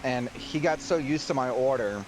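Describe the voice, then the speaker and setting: A man's voice: mid-range voice, normal speed, a little mellow, a little hiss or hum, poor audio. A man chatting casually with friends, telling a story from his past.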